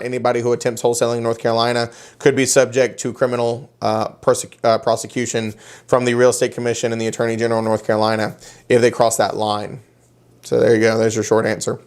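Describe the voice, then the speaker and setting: A man lecturing a real estate class in a folksy, playful way. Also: fairly high pitch.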